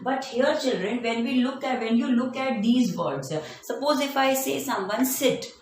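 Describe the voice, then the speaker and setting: Slow, deliberate woman teacher. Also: on the high side. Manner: slow, deliberate, stretches out example words. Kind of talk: grammar lesson for children. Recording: very echoey room, faint hum.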